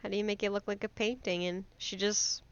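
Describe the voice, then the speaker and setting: A young American woman hosting a casual reaction video. She chats excitedly and swears freely, and she sounds a little stuffy from allergies. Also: mid-range voice, fairly quick, clean tone, muffled recording. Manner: excitable, swears freely, slips into a French accent.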